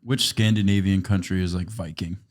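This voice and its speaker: Low-voiced man with dry quips. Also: fairly even intonation, fairly quick, slight background noise. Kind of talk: casual podcast chat.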